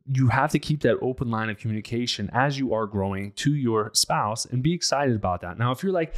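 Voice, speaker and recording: A man's voice: medium pitch, a little fast, hardly any pauses. A man with a mid-range voice talks through relationship advice as a podcast host. He speaks bluntly and emphatically, in a loose, casual monologue.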